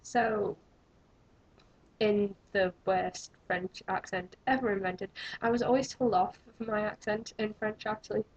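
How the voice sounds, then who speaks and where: A woman's voice: mid-range voice, steady tone, measured pace, slightly rough. A young woman, chatting to camera in a rambling, self-mocking vlog. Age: young adult. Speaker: vlogger. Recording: dull lo-fi webcam audio.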